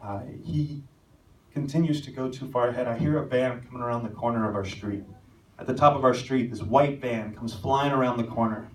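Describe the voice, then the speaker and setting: A young man preaching a sermon as pastor, telling a story and rising to shouted calls at its peaks. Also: mid-range voice, fairly quick, recorded from a distance. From American. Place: church sanctuary. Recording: echoey church hall, mic from afar.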